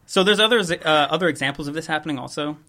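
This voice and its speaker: A young man hosting a podcast, telling a story in casual chat with a laid-back, rambling manner and quick chuckles. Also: fairly high pitch, sharp tone. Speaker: podcast host.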